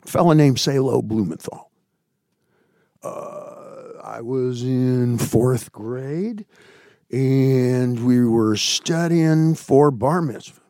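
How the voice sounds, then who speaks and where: A man in his sixties, a candid interview guest telling stories with blunt, profane asides, his voice swinging between loud bursts and hushed, low passages. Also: slow, no echo, studio quality. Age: 60s. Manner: blunt, swears freely.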